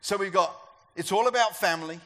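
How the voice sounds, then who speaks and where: A man's voice: sits high, a little fast, bright, forceful tone. A man preaching a sermon to a church gathering, talking conversationally and asking the congregation questions. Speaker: pastor.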